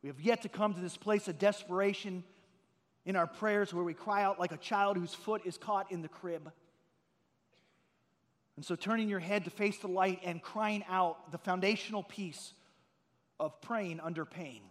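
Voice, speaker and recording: High-voiced pastor preaching in a reverberant hall. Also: male voice, steady tone, moderate pace. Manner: earnest storytelling, rising to loud emphatic peaks. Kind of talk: sermon.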